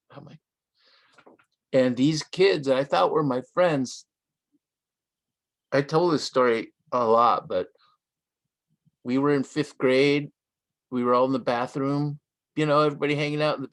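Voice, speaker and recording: An older man from Southern California, a guest author, telling a story in a relaxed, conversational way and slipping Spanish phrases into his English, with laughs along the way. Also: mid-range voice, normal speed, long pauses. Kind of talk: conversational storytelling in a live online interview.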